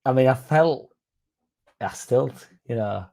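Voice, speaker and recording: A man's voice: mid-range voice, slow, creaky, warm tone. A man hosting a casual livestream, rambling, swearing and chatting to viewers by name. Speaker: fan channel livestream host.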